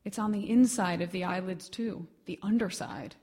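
A woman reading aloud, voicing a male paramedic who speaks flatly and clinically. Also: mid-range voice, moderate pace, breathy edge. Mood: concerned. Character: matter-of-fact male paramedic.

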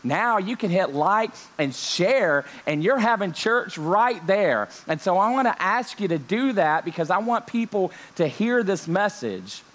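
Man, young pastor, online sermon, joking, lively, frequent amens, slightly high voice. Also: measured pace, few pauses. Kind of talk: online church sermon intro. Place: home during lockdown.

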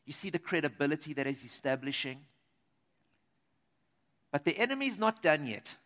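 A man preaching a sermon in an animated, conversational way, speaking directly to his listeners. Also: fairly high pitch, moderate pace.

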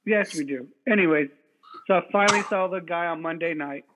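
A man co-hosting a podcast, telling an animated, profane story in casual chat. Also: a little high, brisk, noisy background. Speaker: podcast co-host. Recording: tinny phone-like sound.

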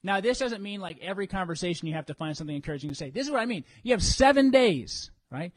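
A man preaching a sermon in an animated way, acting out what people think in church. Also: sits high, quick pace, no echo. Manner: animated, acts out congregants' inner voices. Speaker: pastor.

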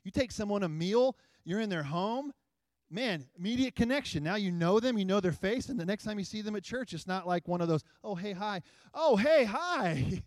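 A man's voice: sits high, fairly quick, a little mellow, no room sound. A man preaching a sermon in church, talking casually with the congregation and building up to emphatic scripture reading. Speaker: pastor. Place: church sanctuary.

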